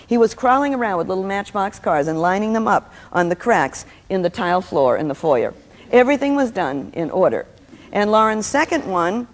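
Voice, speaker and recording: An older woman giving an anecdotal teaching talk, telling stories with humor. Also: medium pitch. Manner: storytelling with humor. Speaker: Christian speaker teaching on personality types. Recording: long reverb, old VHS tape.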